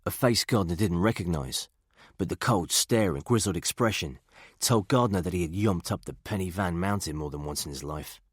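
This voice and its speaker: A man reading a thriller audiobook in a steady, measured narration. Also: low voice, slightly rough, no room sound, studio quality. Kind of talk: scripted narration.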